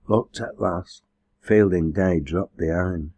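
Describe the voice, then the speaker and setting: A man narrating a novel in measured, even storytelling. His voice is deep and low. The recording is close and dry, with no room sound. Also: dry recording. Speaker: audiobook narrator. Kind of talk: scripted narration.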